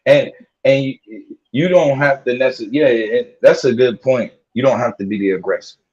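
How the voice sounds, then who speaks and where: A man's voice: medium pitch, moderate pace, darkish tone, husky. A man hosting a casual conversation, agreeable and thinking aloud with restarts. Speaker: host. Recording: dull lo-fi audio.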